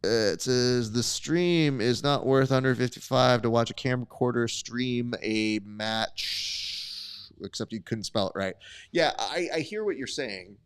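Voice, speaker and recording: Young guy streaming sport commentary, casual and cussing, smooth resonant voice. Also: fairly low pitch. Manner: casual, chatty, profane banter. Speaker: host.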